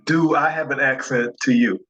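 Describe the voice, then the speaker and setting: Man, American, interview host, curious, repeats words, mid pitch, slightly muffled sound. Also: fairly even intonation, normal speed, a crowd in the background. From United States. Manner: curious, easygoing, stammers on restarts. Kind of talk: casual interview over video call.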